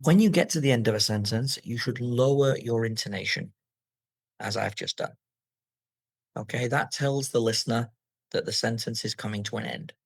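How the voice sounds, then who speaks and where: Husky man teaching exam reading tips. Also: medium pitch, normal speed, no room sound, poor audio. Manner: clear, instructive, models intonation aloud. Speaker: English teacher.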